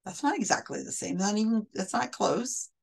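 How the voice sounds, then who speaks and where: A woman's voice: mid-range voice, sing-song, moderate pace, vocal fry, husky. A woman commenting analytically on a recorded psychic reading, explaining and restating quotes in a picky, careful way. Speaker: skeptic commentator.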